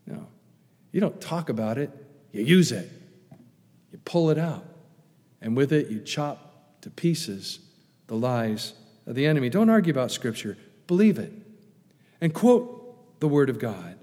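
A man preaching a sermon, lively and animated, acting out the tempter's coaxing lines with rising emphasis. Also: mid-range voice, unhurried, pauses often, in a large hall. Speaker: pastor.

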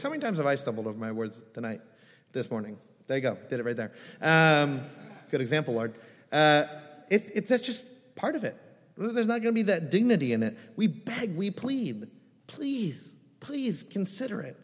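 A man's voice: fairly high pitch, in a large hall. A man preaching a sermon as a pastor, earnest and pleading, asking the congregation rhetorical questions in a conversational way. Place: church sanctuary.

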